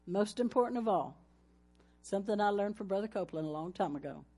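A woman's voice: mid-range voice, expressive, fast, dark tone. A woman pastor, preaching a folksy sermon with announcements and laughter, ending in a fervent prayer.

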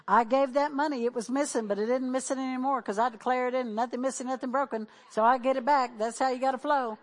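A woman's voice: sits high, steady tone, fast, few pauses. A middle-aged woman pastor preaching, exhorting the congregation with call-and-response and repeated declarations. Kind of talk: sermon.

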